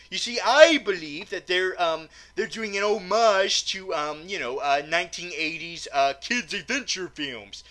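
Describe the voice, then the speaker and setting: Guy w a high tense voice ranting about a movie, stammers a lot, swears. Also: measured pace, hardly any pauses, sharp tone. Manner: stammering, repeats words, many fillers; profane and exasperated. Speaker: movie reviewer. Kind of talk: rambling comedic movie rant.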